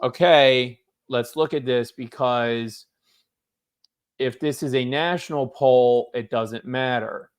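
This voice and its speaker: A laid-back political commentator with a smooth voice and slow pace reads news articles aloud in casual commentary. He breaks in with low-key asides and reactions, yawning at times.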